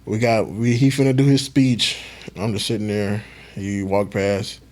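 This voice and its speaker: Relaxed male podcast guest, former football player, loose storytelling. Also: lowish voice, unhurried. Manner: laid-back, swears casually, acts out quotes. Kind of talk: casual storytelling.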